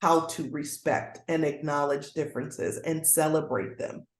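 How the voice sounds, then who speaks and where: A woman's voice: sits low, steady tone, unhurried. A woman guest educator speaking earnestly in a conversational interview, now and then acting out the voices she quotes. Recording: roomy echoey sound.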